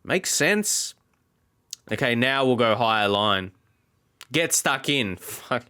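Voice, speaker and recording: A man's voice: mid-range voice, animated, slow pace, sharp tone, clean tone. A man giving let's play commentary as a gaming YouTuber, often exasperated and talking back at the game.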